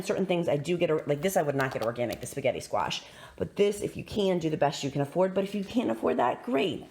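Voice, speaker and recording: A woman chatting casually to viewers in an upbeat shopping haul vlog, a little sick. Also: low-pitched. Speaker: vlogger.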